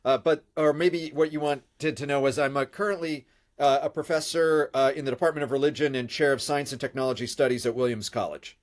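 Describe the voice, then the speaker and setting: A middle-aged man, a professor, answering interview questions at length, his voice nasal from a head cold and his speech measured and full of pauses. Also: medium pitch, fairly even intonation. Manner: measured, with frequent uh fillers. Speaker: guest, professor of religion.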